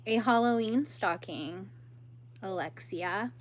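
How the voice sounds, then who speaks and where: Casting: young woman, giggly livestream host chatting while crocheting, mid pitch. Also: slow pace. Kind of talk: casual livestream chat.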